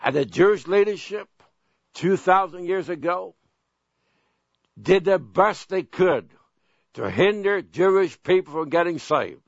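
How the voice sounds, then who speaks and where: A man preaching a sermon in a deliberate, emphatic way, asking the congregation pointed questions. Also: sits high, lively intonation, no echo. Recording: dull, dry lo-fi sound.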